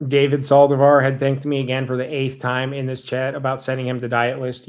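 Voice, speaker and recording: A man's voice: mid-range voice, monotone, brisk, darkish tone. A man hosts a casual livestream, reading through viewer comments and thanking people one by one. His talk is rambling and heartfelt, with restarts where he loses his train of thought. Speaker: livestream host.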